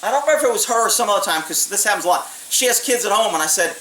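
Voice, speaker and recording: A man's voice: high voice, animated, racing, sharp tone. A man, a former police officer, telling a story in a blunt, streetwise way and swearing freely. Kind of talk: casual storytelling. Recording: echoey room, mic at a distance, faint hiss.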